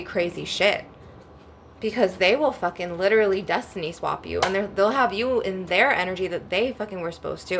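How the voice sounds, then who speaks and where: Blunt, profane woman with a gravelly voice. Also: medium pitch, slight background noise. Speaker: spiritual vlogger. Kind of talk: casual storytime rant.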